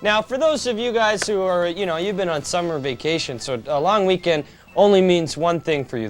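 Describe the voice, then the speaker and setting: A man hosting a kids' TV show, rambling and joking with many fillers. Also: high-pitched. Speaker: kids TV host. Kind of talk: studio host patter.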